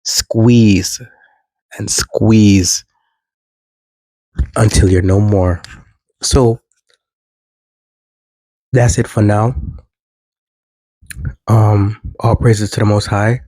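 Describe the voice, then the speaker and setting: A man's voice: on the low side, fairly even intonation, drawn-out words, pauses often, warm tone, no echo, low-quality recording. A man vlogging casual spiritual advice, earnest and preachy, repeating phrases for emphasis.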